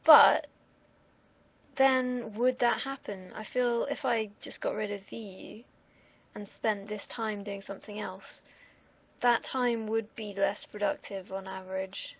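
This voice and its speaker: A woman's voice: medium pitch, steady tone, measured pace, creaky, husky. A young woman from the UK, vlogging in a rambling, self-deprecating monologue and swearing freely. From United Kingdom. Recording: dull lo-fi recording.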